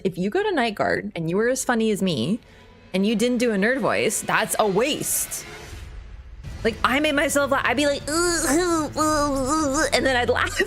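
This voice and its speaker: Her voice is on the high side and fairly bright as she livestreams a game. She talks casually to her viewers in a rambling, jokey way packed with swearing.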